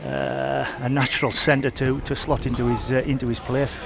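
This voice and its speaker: A man in the co-commentator's seat, breaking down the play in a halting way full of pauses and restarts. His voice sits at an ordinary pitch. A stadium crowd is clearly heard behind the dull, lo-fi broadcast sound. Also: flat delivery. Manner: halting, many fillers and restarts. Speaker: expert co-commentator. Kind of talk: radio match analysis.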